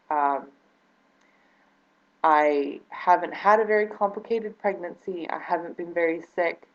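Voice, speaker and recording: A woman's voice: lowish voice, highs cut off. A woman talking earnestly to camera in a personal vlog, hesitant with lots of fillers and restarts, near tears. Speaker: vlogger.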